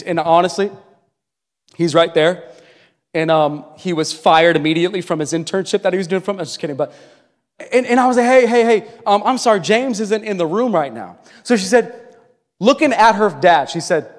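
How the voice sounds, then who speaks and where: A man preaching a sermon as pastor, with impassioned delivery that swings from loud to hushed. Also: sits high, normal speed, pauses often. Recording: long reverb of a large hall.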